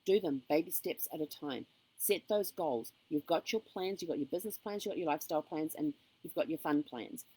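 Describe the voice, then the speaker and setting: A woman's voice: low voice, a little fast, mellow, husky, low-quality recording. A woman giving an upbeat, encouraging motivational vlog to camera, with frequent ums. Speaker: motivational vlogger. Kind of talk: casual motivational talk to camera.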